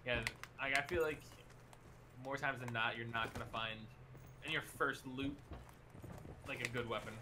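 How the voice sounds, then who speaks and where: A man playing as a teammate, chatting casually with lots of fillers and quick exclamations. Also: medium pitch, steady tone, background noise. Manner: rambling, filler-heavy, reacts with quick exclamations. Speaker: teammate in the match. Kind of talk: casual gameplay chat. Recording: game sounds clearly behind voice.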